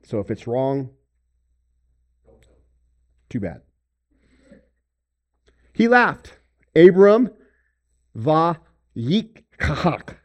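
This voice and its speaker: A male pastor delivering a sermon at an unhurried pace. His voice sits a bit high for a man. He rises to loud emphasis, then drops to hushed, almost whispered lines. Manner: animated preaching, swinging between loud emphasis and hushed near-whispers.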